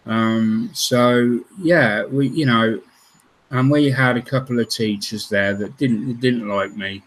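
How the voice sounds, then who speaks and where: The host of a scale modelling channel speaks at medium pitch and a slow pace, and the recording is rough. During his casual livestream he rambles through stories from his past, hesitating often with ums and restarts.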